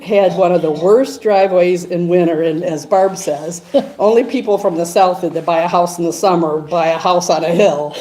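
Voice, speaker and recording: A woman's voice: on the low side, dark tone, slight background noise, low-quality recording. A woman reminiscing about a friend in a eulogy, chuckling through her stories. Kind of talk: storytelling eulogy at a funeral. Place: funeral service room.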